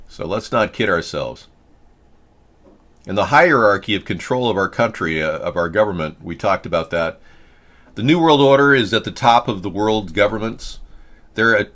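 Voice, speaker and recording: A man's voice: fairly low pitch, a bit bright. A man hosting a casual political talk show, rambling from story to story with a joking, sarcastic manner. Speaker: host.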